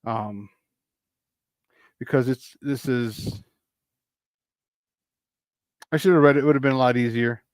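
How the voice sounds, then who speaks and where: A man's voice: mid-range voice, unhurried, pauses often, dry recording. A man with a Chicago accent hosting a casual live-streamed sports talk show, riffing animatedly and greeting chat viewers by name.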